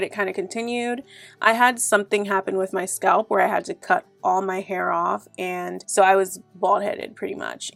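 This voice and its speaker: Earnest gravelly young woman vlogger. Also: mid-range voice, no room sound. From Nigeria. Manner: earnest and heartfelt, with frequent "like". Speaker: YouTuber. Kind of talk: storytime vlog to camera.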